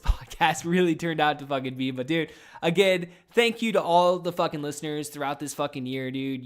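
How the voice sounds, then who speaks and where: A man's voice: medium pitch, a bit bright. A man in his thirties hosting a casual podcast from a small office, rambling and swearing freely with lots of fillers. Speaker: podcast host.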